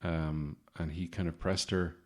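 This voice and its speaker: Low-voiced male podcast host, sardonic, rambling comic monologue. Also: level tone, a little slow, darkish tone.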